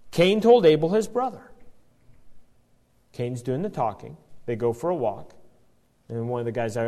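A man's voice: high voice, a little mellow. A man teaching from the Bible, reading passages aloud and explaining them as he goes, with frequent restarts.

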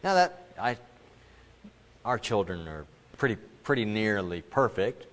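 A middle-aged man preaching a sermon in a conversational way, now and then acting out quoted voices with sudden jumps in pitch. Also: big pitch swings, a little slow. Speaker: pastor. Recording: long reverb of a large hall.

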